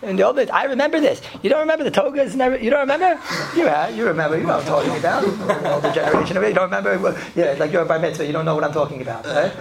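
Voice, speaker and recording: A man, a rabbi, giving a casual Torah lesson to students. He tells animated stories, often laughs, and mixes in Hebrew and Yiddish terms. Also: sits high, vocal fry.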